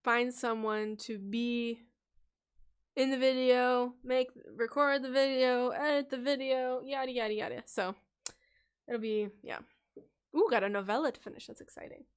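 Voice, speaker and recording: A woman reads viewers' character stories aloud on a casual livestream, chatty and playful, laughing often and stumbling before correcting herself. Her voice is fairly high and clear, with a resonant tone, fairly even intonation, and a moderate pace.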